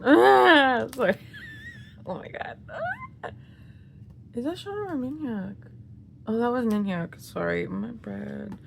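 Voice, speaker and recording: An excitable woman, chatting casually and gushing through an unboxing, often dropping into a half-whisper. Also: mid-range voice, vocal fry, slight background noise. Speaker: vlogger unboxing albums.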